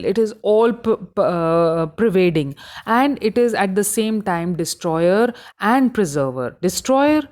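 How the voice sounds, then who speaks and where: A woman with an Indian English accent giving a recorded lecture on a poem, explaining slowly with many hesitations. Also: medium pitch, a little mellow. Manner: halting, explanatory, many fillers.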